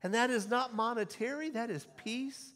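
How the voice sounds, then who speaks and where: A middle-aged male pastor preaching to a congregation, rising into loud scripture quotes and dropping back to conversational asides. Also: extremely high pitch, normal speed. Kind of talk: sermon. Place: church sanctuary before a congregation. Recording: long hall reverb.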